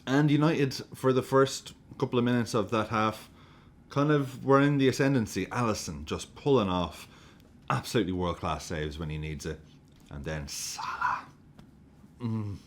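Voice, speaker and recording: A man reviewing a football match, excitable and sweary, often breaking into laughter as he gushes. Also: mid-range voice, normal speed, a little hiss or hum. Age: adult with a young daughter. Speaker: football fan vlogger.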